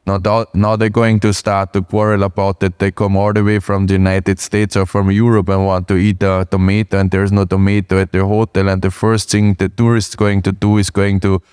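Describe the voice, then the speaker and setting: A man's voice: sits low, flat delivery, a little fast, few pauses, a little mellow, clean tone. A middle-aged man with an Austrian German accent, a speaker answering audience questions. He talks in short phrases, often tagging "right?" or "you know" at the end. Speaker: invited speaker, farmer.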